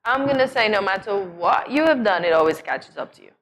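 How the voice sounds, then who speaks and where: Woman co-host, playful and quick to laugh, mid-pitched voice, casual chat. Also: animated, fairly bright tone, slight background noise. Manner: playful, laughing, explains proverbs. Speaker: morning show co-host.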